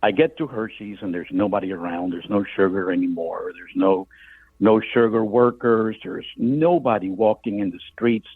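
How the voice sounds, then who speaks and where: An older man from Cuba tells a vivid story as an author guest, slipping into voices for the people he quotes. His voice sits low and husky. He comes through a thin, phone-like line. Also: fairly even intonation, moderate pace, no echo. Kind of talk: storytelling in a radio interview.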